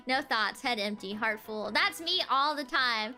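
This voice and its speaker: A woman's voice: high voice, very animated, slow pace, pauses often, bright, forceful tone, faint music behind. A young woman, streaming and chatting casually, giggling often between phrases. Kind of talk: casual livestream chat.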